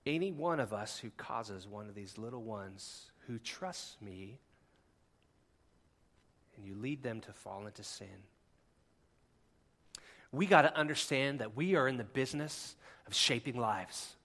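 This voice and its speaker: Male pastor, sermon delivery, bright forceful tone, swings between hushed and near-shouting, chatty asides. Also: medium pitch, animated, a little slow, long pauses. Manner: conversational, with asides and laughs.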